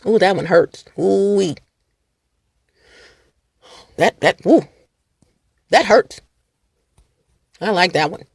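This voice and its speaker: A woman vlogger talking straight to her viewers in a casual rant, mocking and animated, laughing and repeating lines for emphasis. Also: medium pitch, takes it slowly, vocal fry, pauses often, breathy edge, no room sound, clean studio sound. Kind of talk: casual ranting monologue to camera.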